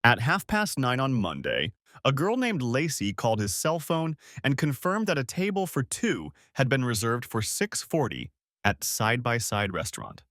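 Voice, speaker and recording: A man narrating an audiobook story in an expressive way. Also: mid-range voice, moderate pace, no room sound, clean studio sound.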